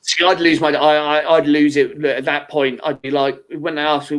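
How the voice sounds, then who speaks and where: A man chatting on a casual podcast panel, swearing freely and telling stories with lots of energy. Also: normal speed. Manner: swears freely, animated storytelling with lively pitch swings. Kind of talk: casual banter.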